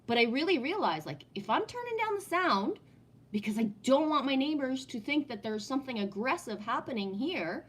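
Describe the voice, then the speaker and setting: A woman's voice: high-pitched, big pitch swings, moderate pace, a bit bright. Blunt, swearing woman live streamer. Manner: blunt and profane, keeps asking "right?". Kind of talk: casual live-stream talk, answering chat. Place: at home. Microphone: no headset, sound heard in the room.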